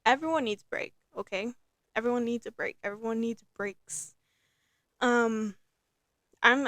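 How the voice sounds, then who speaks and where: A young woman hosting her own podcast in casual, rambling talk, repeating herself and filling pauses with um and like. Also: fairly high pitch, no echo, studio quality. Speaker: podcast host. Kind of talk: casual solo podcast chat.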